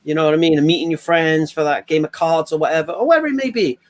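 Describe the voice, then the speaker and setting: Man, lively storyteller, slightly high voice, casual chat. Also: racing. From England. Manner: animated storyteller, acts out quoted voices. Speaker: panel guest sharing stories.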